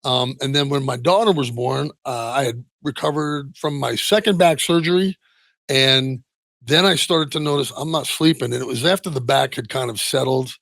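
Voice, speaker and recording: A middle-aged man, a retired football player, tells his story candidly in an interview, halting often and trailing off into soft asides. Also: medium pitch, creaky, no room sound.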